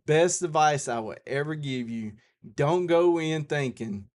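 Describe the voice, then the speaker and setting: Southern guy chatting on a live stream, kinda high voice, rambling and folksy, thinks out loud. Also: expressive, a little slow. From South Carolina. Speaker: outdoors channel host.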